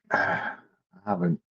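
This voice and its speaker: A man's voice: fairly bright tone, dull audio. A man hosting a casual livestream, chatting loosely and reading viewer comments aloud while recovering from illness. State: recovering from illness, slightly short of breath. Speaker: livestream host.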